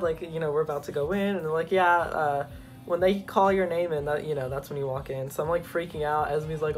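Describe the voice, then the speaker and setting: A young adult man vlogging, telling an excited, rambling story with lots of filler words. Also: a little high, a little fast, soft background music. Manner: excitable, rambling, heavy use of "like". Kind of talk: casual storytelling to camera.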